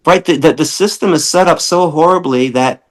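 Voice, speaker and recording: A middle-aged man talking as a podcast guest, blunt and passionate, cursing freely and acting out the people he quotes with big jumps in pitch. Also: fairly quick. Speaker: podcast guest, animal rights activist. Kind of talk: casual interview talk.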